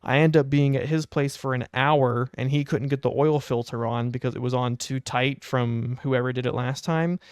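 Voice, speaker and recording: A young man co-hosting a podcast, telling a long story in a casual, exasperated, animated way. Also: mid-range voice, moderate pace, few pauses, clear, resonant tone, dry recording, clean studio sound. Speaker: podcast co-host.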